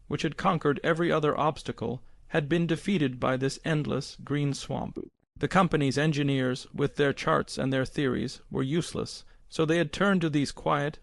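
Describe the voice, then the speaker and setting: A man's voice: fairly high pitch, gravelly, no echo. Grave male audiobook narrator. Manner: measured, grave storytelling. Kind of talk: scripted narration.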